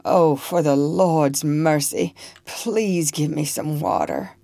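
A woman voicing a gentle, steadfast older man who speaks softly and respectfully. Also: deep voice, takes it slowly, gravelly, no echo, full character voice. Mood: pained. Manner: quiet, soft and respectful.

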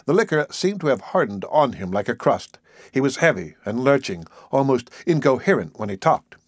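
A man narrating a classic short story in a measured, even reading. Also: mid-range voice, breathy edge, no room sound, clean studio sound. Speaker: audiobook narrator. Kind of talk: scripted narration.

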